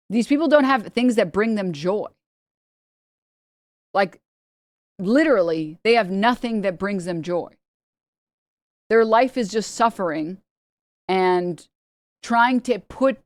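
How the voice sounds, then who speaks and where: A woman streams and talks to her chat in a loose, rambling way. She swears freely, laughs between lines and mocks her critics. Her voice sits at a middle pitch and sounds dry and close to the mic. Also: no room sound. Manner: rambling, profane, laughs often, mocking. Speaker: livestreamer.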